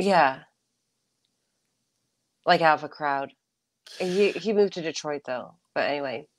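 A woman's voice: low voice, a little slow. A young woman on a live show, flustered and pleading, laughing nervously. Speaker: guest. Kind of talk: casual live-stream banter.

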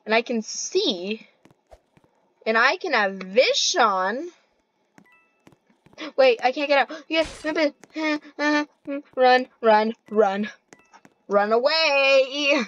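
A young woman giving casual gameplay commentary, excitable and giggly, swinging between panic and glee. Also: sits high, drawn-out words, long pauses, no room sound, lo-fi sound.

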